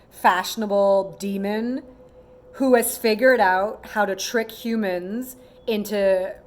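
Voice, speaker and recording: Animated chatty woman vlogger. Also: medium pitch. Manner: animated, mimics other people's voices in quoted asides. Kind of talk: casual monologue to camera.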